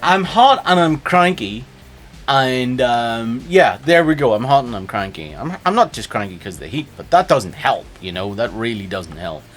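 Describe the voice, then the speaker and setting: Animated man chatting on stream. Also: fairly low pitch, brisk, hardly any pauses, soft background music. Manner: animated, chatty, jumps between topics. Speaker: game streamer. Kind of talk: casual live-stream chat.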